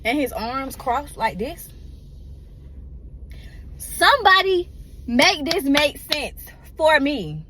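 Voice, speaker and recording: A woman's voice: sits high, sing-song, slow pace, pauses often, bright, forceful tone, a little hiss or hum. A woman emotionally telling a personal story in a casual, rambling way and often addressing her listeners directly.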